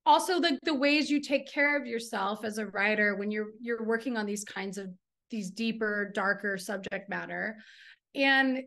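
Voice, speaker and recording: A woman author and professor interviewing a fellow writer over a video call, talking quickly and effusively, laughing often. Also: medium pitch, a bit bright. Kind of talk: virtual book launch conversation. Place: home in Texas.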